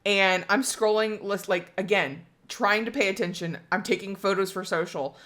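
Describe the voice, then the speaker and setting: Bright young woman telling stories. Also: mid-range voice, normal speed. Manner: excited storytelling, swears, says "literally" often. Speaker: podcast co-host. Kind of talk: casual chat.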